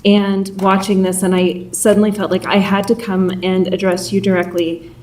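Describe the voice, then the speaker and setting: Woman, mid-pitch, hesitant public commenter, some distance from the mic. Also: level tone, darkish tone, a little hiss or hum. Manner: halting, with fillers.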